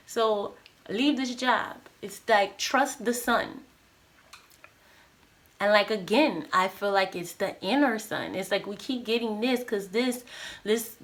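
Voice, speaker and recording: Slow-talking woman giving a tarot reading. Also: fairly bright tone. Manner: rambling, repeats words, searches for phrasing; acts out an inner voice in a higher, livelier tone. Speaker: tarot reader. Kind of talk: intuitive tarot reading, casual spoken.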